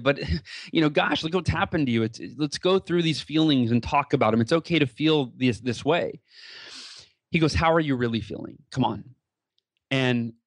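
A man telling a personal story as a podcast guest, earnest and animated, with many fillers and restarts. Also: a little high, no room sound. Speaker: guest speaker.

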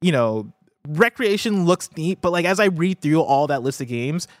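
A man co-hosting a casual gaming show in a loose, filler-heavy way. His voice sits a bit high, and the sound is dry, close and free of room echo. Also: expressive, moderate pace. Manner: loose and chatty, frequent fillers, laughs easily. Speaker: co-host of a gaming news show. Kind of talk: casual chat and reading a release list.

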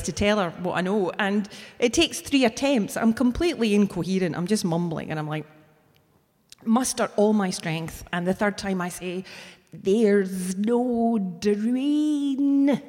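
A woman's voice: medium pitch, darkish tone. A woman telling a true personal story live on stage, with wry, self-mocking humour. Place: theatre stage before an audience. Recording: long hall reverb from a live stage.

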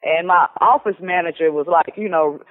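Middle-aged woman, casual storyteller on a phone line, lively, acts out dialogue, lots of fillers. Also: fairly low pitch, moderate pace. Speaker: lottery winner telling her story. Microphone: telephone.

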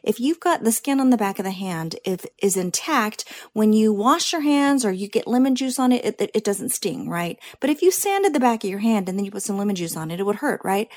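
A woman's voice: mid-range voice, lively intonation, fairly quick, hardly any pauses, darkish tone. A woman co-hosting a talk for lash artists, giving confident, coaching advice and often checking in with "right?". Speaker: lash educator, co-host. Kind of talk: instructional chat.

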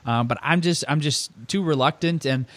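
A man hosting a casual fantasy basketball podcast, brisk and steering the talk. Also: on the high side, fairly bright tone, no room sound. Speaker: podcast host. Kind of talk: casual fantasy sports chat.

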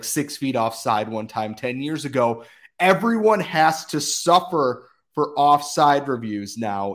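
A man with a cold talks in a loose, chatty podcast style. He reads the sponsor spots and then rants in an exasperated way. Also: mid-range voice. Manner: exasperated ranting. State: has a cold. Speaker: podcast host. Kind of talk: casual sports podcast chat and read ads.

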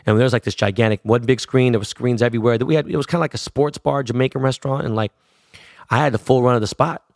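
Gravelly man spinning a profane street story. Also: mid-range voice, steady tone, darkish tone, dry recording, clean studio sound. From Los Angeles. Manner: profane, streetwise slang, quotes others in quick voices. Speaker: DJ and producer telling a story. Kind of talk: casual storytelling.

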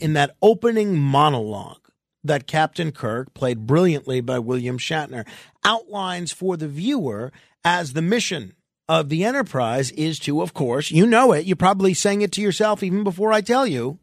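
A man hosting a talk radio show, his voice pitched high for a man with a gravelly rasp at the edges. He comments with sarcasm and mock exasperation and drifts into chatty asides. The studio microphone sound is close and dry. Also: animated, moderate pace, no echo.

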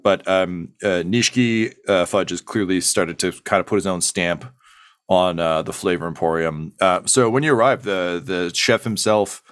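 Male game master, low register, dry, rambling hesitant narration. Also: fairly bright tone, dry recording. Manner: rambling, full of ums and uhs.

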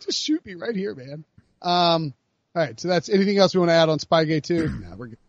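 A man co-hosting a sports podcast in casual chat, rambling and animated with many restarts. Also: fairly high pitch, brisk, no echo, highs cut off. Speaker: podcast co-host.

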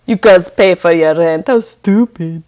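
A woman's voice: on the low side, unhurried, darkish tone, voice pushed down, close to an everyday voice. A woman voicing a bored, gold-digging Russian woman, speaking with a mock Russian accent in a languid, dismissive way.

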